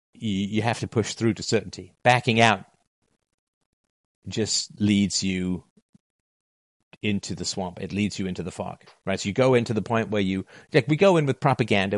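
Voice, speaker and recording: Emphatic middle-aged man, low dry voice. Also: no echo. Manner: emphatic, repeats key phrases. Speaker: philosophy talk host. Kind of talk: monologue to listeners.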